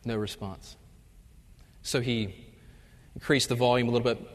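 A male professor giving a humorous chapel talk, telling stories and acting out the jokes in loud voices. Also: medium pitch, moderate pace, pauses often. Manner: storytelling, acts out jokes with loud shouted voices. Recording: long reverb of a large hall.

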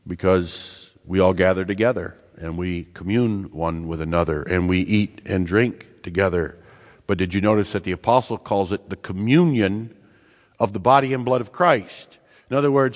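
A man preaching a sermon in a church, emphatic, slowing down and rising in pitch to drive home his points. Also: long reverb tail. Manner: emphatic, slows and rises in pitch to stress points.

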